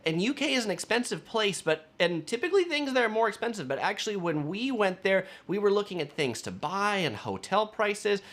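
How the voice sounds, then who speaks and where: A chatty man hosting a travel vlog, rambling along with plenty of fillers. His pitch moves up and down a lot as he talks. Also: sing-song, brisk, hardly any pauses, a bit bright. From United States. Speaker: travel vlogger. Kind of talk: casual travel vlog talk.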